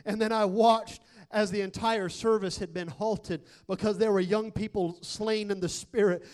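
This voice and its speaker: A man preaching a sermon, telling a personal story and building to shouted exhortation. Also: high-pitched.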